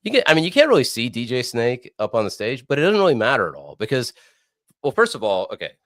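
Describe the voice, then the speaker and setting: A young man co-hosting a casual talk show over a video call, rambling and swearing, his voice hoarse from screaming. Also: medium pitch, huge pitch swings, fast talker, fairly bright tone, dry recording, studio quality. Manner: rambling, profane, laid-back. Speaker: co-host. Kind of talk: casual podcast chat. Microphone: remote video call.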